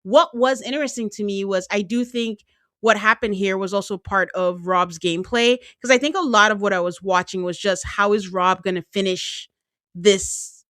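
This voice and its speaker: A woman's voice: medium pitch, normal speed, a bit bright, no echo. A chatty woman hosts a casual recap podcast with a mid-range voice. She laughs easily and slips into playful impressions. The sound is close and dry. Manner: chatty, laughs often, acts out quotes. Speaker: podcast host. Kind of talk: casual reality-TV recap chat.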